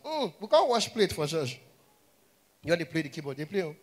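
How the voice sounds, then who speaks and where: A young man with a Nigerian accent doing a stand-up comedy set, telling animated stories in a mix of Pidgin and English and acting out characters. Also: on the high side, fairly quick. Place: stage at a live show.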